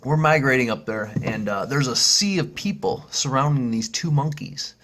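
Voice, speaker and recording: A man's voice: medium pitch, normal speed, fairly bright tone. A man hosting a casual vlog, talking in a rambling, upbeat way with lots of fillers and restarts, and telling a funny story. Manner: acts out screeching monkey sounds when telling a story. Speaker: vlog host.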